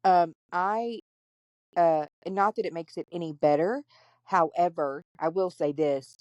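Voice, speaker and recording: A woman's voice: fairly low pitch, measured pace, a little mellow, no room sound, lo-fi sound. A woman hosting a podcast, telling her story candidly and bluntly, with plenty of profanity. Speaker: podcast host. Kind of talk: casual storytelling chat.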